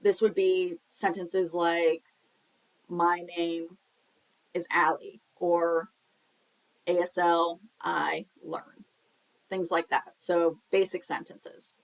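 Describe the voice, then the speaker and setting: A woman's voice: lowish voice, little pitch movement, slow pace, pauses often, poor audio. A young woman teaching a sign language lesson in a casual, chatty way, explaining with examples and the occasional filler.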